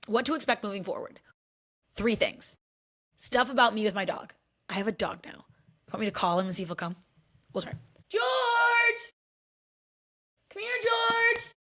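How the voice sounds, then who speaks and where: A woman's voice: medium pitch, fairly quick, long pauses. Woman, 30s, casual vlog, candid, chatty, filler-heavy. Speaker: vlogger.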